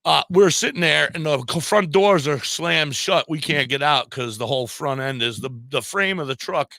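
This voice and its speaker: A man on a podcast spins a story in a casual, lively way, slipping into the voices of the people he describes. His voice is bright and forward. The sound is dry and close, with no room around it. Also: on the high side, normal speed, creaky, no echo. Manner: animated storyteller who acts out quoted voices. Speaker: podcast guest; volunteer fire police.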